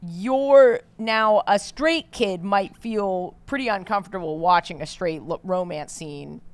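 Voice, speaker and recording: A woman with a New York accent chatting on a podcast, her voice raspy with vocal fry, joking and self-deprecating. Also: medium pitch, measured pace. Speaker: podcast host. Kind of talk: casual chat.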